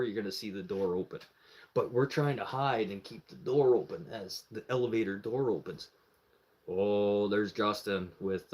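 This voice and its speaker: A man on a live stream telling a long story in a casual way, swearing freely and acting out what other people said. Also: on the low side. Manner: animated, profane, acts out the voices of others.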